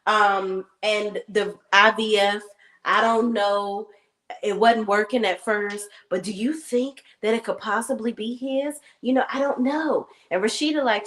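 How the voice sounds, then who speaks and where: A woman's voice: medium pitch, measured pace, poor audio. A woman casually recapping a TV episode on a streamed talk show, telling it with profanity and acting out the characters' lines. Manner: animated storytelling, acts out characters' lines. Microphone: remote stream setup.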